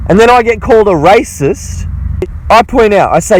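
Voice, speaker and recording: A man's voice: sits high, expressive, moderate pace, rough recording. A man delivering an angry, profane monologue to his audience. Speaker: vlogger. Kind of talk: monologue to camera.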